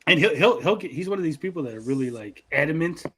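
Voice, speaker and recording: A man hosting a podcast, telling a story in casual chat, animated and profane, repeating words as he goes. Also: a little high, fast, slight background noise. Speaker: podcast host.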